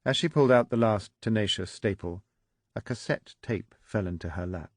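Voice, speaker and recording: Reading a political thriller audiobook from a script, a man keeps his storytelling steady and measured. His voice is on the low side. The sound is studio quality, with no room sound.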